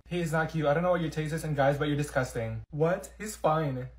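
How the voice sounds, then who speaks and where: A young man acting out school comedy skits, switching between blunt, sassy characters. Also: fairly high pitch. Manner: sassy, blunt, quick-shifting voices.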